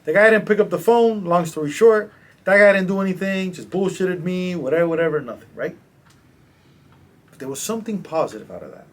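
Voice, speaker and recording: A man, a coach, casually telling stories as a podcast guest, animated and slangy. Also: sits high, a little fast. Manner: animated, slangy, acts out quotes. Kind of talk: casual storytelling in a podcast interview.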